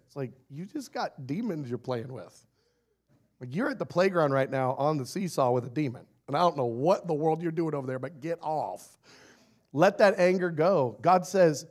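Playful, animated male preacher. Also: mid-range voice, a little fast. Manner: animated and playful, acting out little scenes, often laughing. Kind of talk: sermon.

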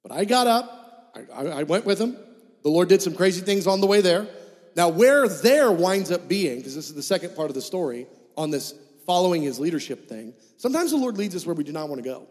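Male pastor, storytelling sermon, high voice, lively and animated, heard in a big reverberant hall. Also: a little fast. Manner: animated, acts out dialogue in his story. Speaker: preacher.

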